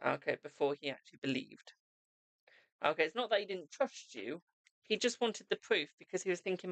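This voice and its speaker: A man's voice: sits high, animated, brisk, gravelly, a bit bright, no echo. A man with a British accent giving live-stream tarot readings in a chatty way, calling viewers "my darling". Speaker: tarot reader.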